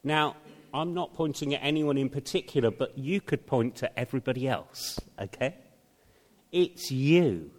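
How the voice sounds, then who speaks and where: A man preaching a sermon to his congregation, speaking slowly and deliberately with a touch of dry humor. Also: medium pitch. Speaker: pastor. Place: church hall. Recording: long reverb of a church hall.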